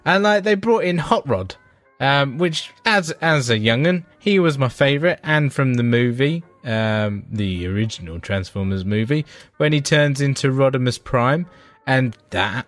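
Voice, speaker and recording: A man's voice: medium pitch, expressive, moderate pace, no room sound. A man co-hosting a casual podcast, swearing freely and ranting with energy. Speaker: podcast co-host. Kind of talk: casual chat.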